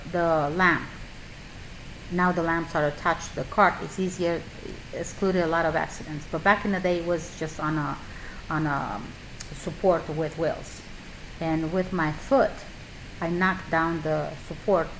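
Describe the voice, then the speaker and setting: Animated middle-aged immigrant woman, emphatic. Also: low voice, unhurried, slight background noise, rough recording. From a communist country. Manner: animated, emphatic, slightly non-native grammar. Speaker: esthetician and skincare business owner. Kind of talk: casual storytelling advice.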